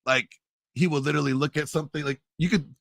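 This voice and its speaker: A man telling a story in casual chat, loudly acting out the voices in it. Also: fairly high pitch, fast, creaky, no room sound. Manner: animated storyteller, acts out quotes loudly. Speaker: podcast co-host telling a story.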